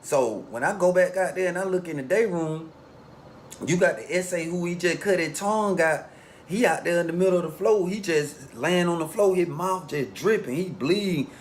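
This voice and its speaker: A man casually telling a long story in a relaxed street way, acting out the voices of the people in it. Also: sits high, moderate pace, slight background noise. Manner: laid-back street storytelling, acts out quotes.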